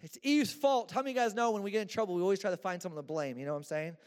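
A man's voice: sits high, racing, smooth. A man preaching a sermon in a church, casual and joking with slang. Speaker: pastor. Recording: echoey church hall.

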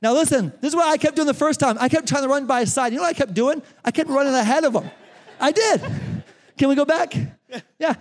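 A man preaching a sermon to his congregation, animated and out of breath, addressing them directly. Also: very high voice, fast talker. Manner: animated, talks straight to the congregation. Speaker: pastor. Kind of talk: sermon with a live running demonstration. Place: church sanctuary. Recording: long reverb of a large church hall.

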